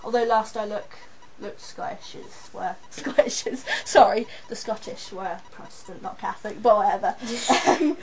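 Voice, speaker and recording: A young woman chatting casually, excited and rambling, giggling now and then. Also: mid-range voice, measured pace. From England. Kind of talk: casual chat. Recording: dull lo-fi webcam audio with faint hiss.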